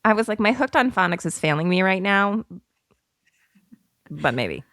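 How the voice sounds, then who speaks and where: A woman's voice: mid-range voice, sing-song, normal speed, a bit bright, dry recording, clean studio sound. A woman in her thirties, a podcast co-host, chatting casually in a bubbly, giggly, rambling way. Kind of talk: casual chat.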